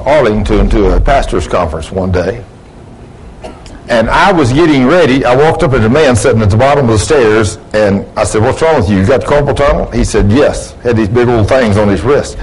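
A man's voice: medium pitch, moderate pace, a little mellow, husky, rough recording. A male preacher, giving a sermon to his congregation and acting out the dialogue in his stories with rising emphasis. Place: church before a congregation.

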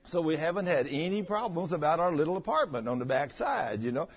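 A pastor, preaching and telling personal stories in a folksy, chatty way with stammering restarts. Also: male voice, fairly high pitch, big pitch swings, brisk, slightly rough. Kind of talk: sermon with personal storytelling. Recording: muffled lo-fi recording.

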